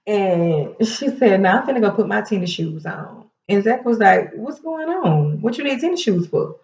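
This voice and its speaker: A woman hosting a casual TV recap, retelling scenes in an animated way, laughing often and quoting the characters in quick asides. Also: medium pitch, creaky, slight background noise. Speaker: recap show host. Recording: roomy, distant, dull sound.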